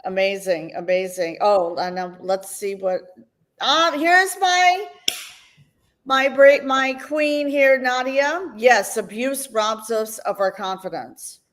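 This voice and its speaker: A woman's voice: a little high, slow, fairly bright tone, low-quality recording. Agreeable woman podcast host. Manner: eager agreement, reads out viewer comments. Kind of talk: casual interview chat.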